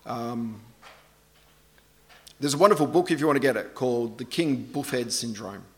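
A man's voice: medium pitch, normal speed, a bit bright. Aussie guy preaching, chatty and self-mocking, middle-aged. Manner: conversational, anecdotal, self-deprecating. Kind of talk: sermon.

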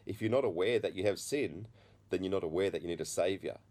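A middle-aged man preaching, telling his own story in an earnest, halting way. His voice sits low and sounds warm and soft. He stops and restarts often, with plenty of fillers. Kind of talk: testimony sermon.

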